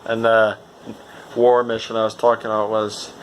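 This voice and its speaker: A man's voice: on the low side, monotone, moderate pace, slight background noise. A man with a stuffy nose giving a rambling, casual game review, swearing and correcting himself.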